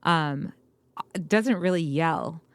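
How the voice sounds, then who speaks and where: A woman co-hosting a parenting podcast, chatting casually and telling animated stories with chuckles. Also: low voice, extremely slow, no room sound. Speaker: podcast co-host.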